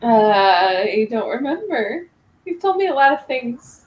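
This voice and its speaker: A woman's voice: on the high side, big pitch swings, measured pace, low-quality recording. A woman co-hosting a podcast in casual chat, teasing her co-host and laughing often.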